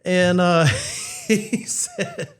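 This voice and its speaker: Man telling a funny story, high-ish voice. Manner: laughing through anecdotes, quick asides. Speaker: podcast co-host, youth leader. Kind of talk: casual storytelling chat.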